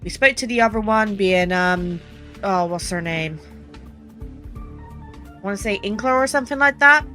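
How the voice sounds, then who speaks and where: A young woman doing chatty let's-play commentary, apologetic and quick to swear. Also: mid-range voice, sharp tone. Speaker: gaming youtuber. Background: game music.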